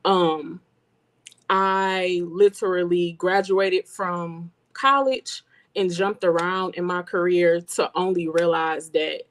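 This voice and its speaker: A young adult woman introducing herself as a guest, sincere and a little hesitant. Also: lowish voice. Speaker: guest, career coach.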